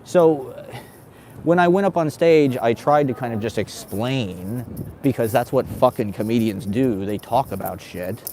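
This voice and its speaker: An agitated man rants, swears and laughs his way through complaints about other comedians. His voice sits at a middling pitch, and a faint hiss of noise runs behind him. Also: a little slow, a little mellow. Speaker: stand-up comedian. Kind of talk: casual ranting monologue.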